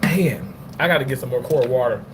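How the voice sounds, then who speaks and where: A man's voice: medium pitch, brisk, background noise. A man hosting a casual livestream chat, cursing freely, laughing often and talking back to comments from viewers. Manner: animated, profane, laughs often. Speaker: livestream host.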